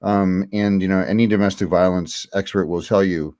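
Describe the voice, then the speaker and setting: Middle-aged male host, low voice, candid, rambling delivery, dry close mic. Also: steady tone, moderate pace, a little mellow, no echo. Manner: candid, rambling with many fillers. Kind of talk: casual livestream chat.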